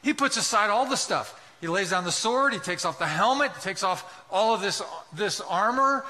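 A man's voice: high voice, lively intonation, moderate pace, bright, forceful tone. A man preaching a sermon with passion, asking one rhetorical question after another and acting out voices from the story. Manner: impassioned, rhetorical questions, acts out quotes. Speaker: pastor.

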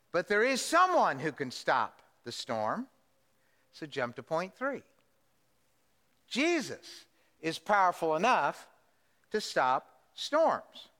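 A man preaching a sermon as pastor, animated and drawing answers from the congregation with questions. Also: high voice. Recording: long hall reverb.

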